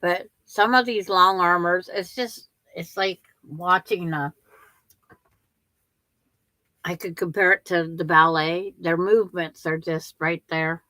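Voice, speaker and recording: Older woman, livestream host, chatty and rambling; slow pace, somewhat low pitch. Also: fairly even intonation, bright, forceful tone, dry recording. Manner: chatty, rambling, restarts sentences. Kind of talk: casual livestream chat with viewers.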